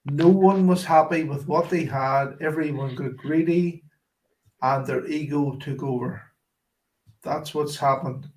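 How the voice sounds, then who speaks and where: A man on a casual livestream, speaking in a measured, moralizing way. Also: fairly high pitch, steady tone, a little mellow. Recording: distant from the mic.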